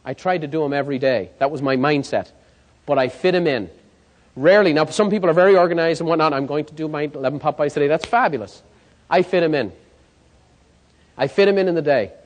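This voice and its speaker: A man's voice: a little high, a little fast, pauses often. A man presenting a sales coaching seminar, telling stories and checking in with the audience. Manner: lively storyteller, checks in with the audience. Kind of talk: live seminar talk. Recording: long hall reverb.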